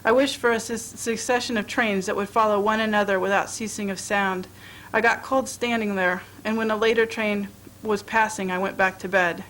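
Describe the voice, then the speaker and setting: A woman reading a short story aloud as narrator, in a measured, expressive way. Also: mid-range voice, a little hiss or hum, low-quality recording. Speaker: reader at a library reading.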